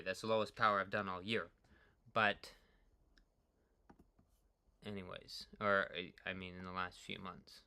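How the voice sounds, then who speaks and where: A man with a sharply bright, cutting tone rambles casually through his cycling workout data, full of "like" and other fillers. Excitable, he flips quickly between hype and quiet muttering at his own stats. His voice is on the low side and clean.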